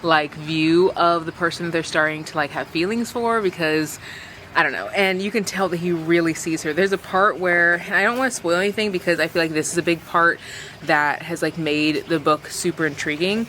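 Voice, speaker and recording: A woman's voice: on the low side, steady tone, normal speed, fairly bright tone, slight background noise. A young woman vlogging about books in a casual, chatty way, full of fillers. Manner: chatty, filler-heavy, reads dialogue aloud. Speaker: book vlogger.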